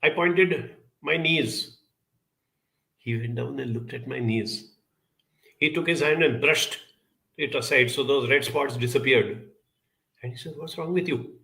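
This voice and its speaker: A man giving an earnest, reflective talk, telling a childhood story in a measured way with lively emphasis. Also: medium pitch, vocal fry.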